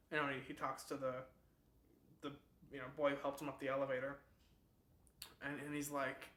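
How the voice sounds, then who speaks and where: A man's voice: medium pitch, completely flat delivery, fairly quick, long pauses, bright, forceful tone, echoey room. A man hosting a book club, giving a casual, rambling summary of a novel with many fillers and restarts.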